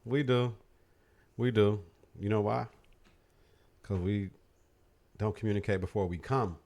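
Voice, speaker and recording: A man's voice: fairly low pitch, a little slow, creaky, a little mellow. A man hosting a podcast, giving blunt, profane opinions in casual chat. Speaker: podcast host.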